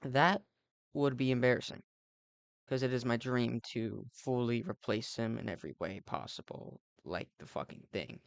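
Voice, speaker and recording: A young man with a gravelly, fry-heavy voice rambles through an ironic, sweary comedic monologue over gameplay, piling up fillers and tangents. The recording is dry and close, with no room around it. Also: medium pitch, normal speed, no room sound. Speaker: let's play host.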